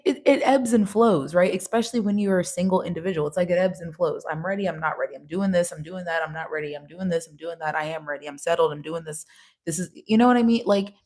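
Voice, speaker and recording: A woman's voice: mid-range voice, a little mellow, breathy edge. A young woman giving a casual tarot reading, talking frankly with slang, swearing and frequent laughs. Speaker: tarot reader.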